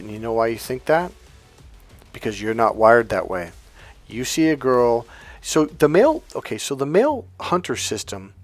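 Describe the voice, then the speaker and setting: A man's voice: mid-range voice, no echo. A middle-aged man coaching on dating, telling a story in a blunt, emphatic, profane way. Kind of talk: casual storytelling advice monologue.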